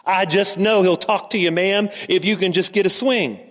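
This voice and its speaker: Man doing a salesy pet shop guy, reassuring, slow, fairly high voice, echoey hall. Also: steady tone, fairly bright tone. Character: helpful male pet store manager.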